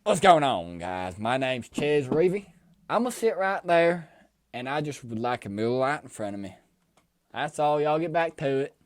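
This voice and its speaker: A man's voice: on the high side, big pitch swings, moderate pace, dry recording, studio quality. A man putting on a drawling Texas cowboy. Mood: easygoing. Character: laid-back male cowboy golfer at a small-town bar.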